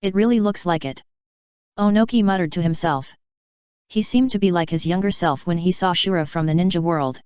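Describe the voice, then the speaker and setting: A woman reads a novel aloud in steady, scripted audiobook narration. Her voice sits a little low and comes across very smooth and clean. The recording is dry and close, with a slightly dull, muffled tone. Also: brisk, no room sound.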